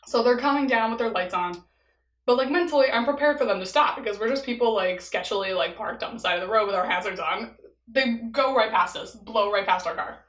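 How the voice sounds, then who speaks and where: A woman's voice: on the high side, a little fast, a bit bright, roomy sound, rough recording. A young woman telling a story in a casual vlog while eating, chatty and laughing often, leaning on "like" as filler. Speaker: vlogger.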